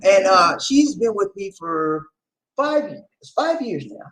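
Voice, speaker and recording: A man from the United States hosting a live stream, talking loud and playful, often repeating himself. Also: high voice, big pitch swings, slow, poor audio. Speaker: host. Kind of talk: lively live-stream chat.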